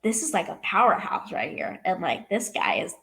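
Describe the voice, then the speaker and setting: A woman's voice: fairly low pitch, very animated, normal speed, creaky, fairly bright tone. A young woman from California, an actress answering interview questions in a casual, filler-heavy way. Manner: youthful, heavy use of "like" and "um". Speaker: actress guest.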